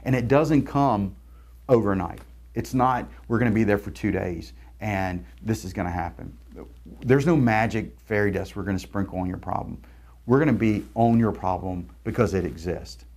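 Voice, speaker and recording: Speaking to camera to promote his recruiting firm, a man tells a heartfelt story about hiring. His voice is lowish and a little mellow, at a moderate pace, and his earnest storytelling tends to repeat words.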